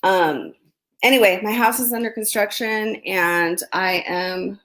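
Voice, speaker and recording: A woman's voice: mid-range voice, a little slow, fairly bright tone. A woman casually chatting on a live stream from her home, reading viewer comments and gossiping while eating breakfast. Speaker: livestream host. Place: home under construction. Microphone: phone.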